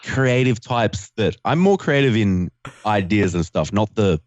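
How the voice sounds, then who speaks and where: Animated low-voiced podcast guest man. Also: a little slow, no echo, dull audio. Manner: animated, self-deprecating. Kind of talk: casual storytelling.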